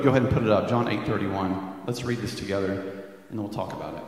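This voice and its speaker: A man's voice: mid-range voice, breathy edge. Emphatic male pastor in a reverberant hall. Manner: earnest, emphatic preaching with conversational asides. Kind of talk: sermon. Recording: long reverb of a church hall.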